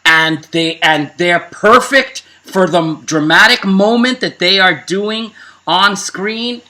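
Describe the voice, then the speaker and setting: A man with a Brooklyn accent, co-hosting a casual chat and telling animated stories with frequent laughter. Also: sits high, takes it slowly. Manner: animated storyteller, laughs often. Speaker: co-host.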